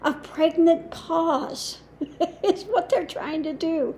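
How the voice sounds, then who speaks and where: Slow-spoken high-voiced woman. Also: a little mellow. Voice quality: slow, deliberate with long pauses and frequent laughs. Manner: scornful, emphatic, mocking. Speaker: spiritual teacher. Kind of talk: casual monologue.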